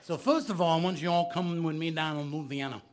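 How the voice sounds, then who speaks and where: A man's voice: a little high, fast talker, background noise. A man giving a theatrical live storytelling performance in a bookstore, drawing the audience into call and response. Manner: animated, theatrical, engages the audience.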